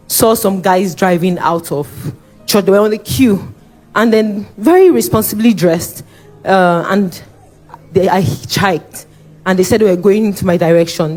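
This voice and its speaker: Animated young Nigerian woman testifying. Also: mid-range voice. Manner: animated, re-enacts her own shouting and pleading. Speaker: church member giving testimony. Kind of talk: spoken church testimony.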